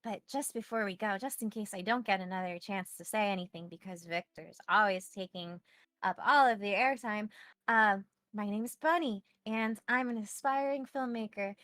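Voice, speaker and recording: A woman's voice: mid-range voice, normal speed, fairly bright tone, no room sound. Eager, hesitant woman in character. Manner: eager, hesitant, many ums. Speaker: player voicing a camera operator character. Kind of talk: in-character confessional in a tabletop game.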